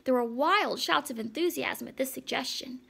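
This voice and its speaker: A woman reading a children's storybook aloud, with a high voice and a strongly gravelly, creaky texture. Her reading is measured and lightly expressive. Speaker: audiobook narrator. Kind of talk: storybook narration.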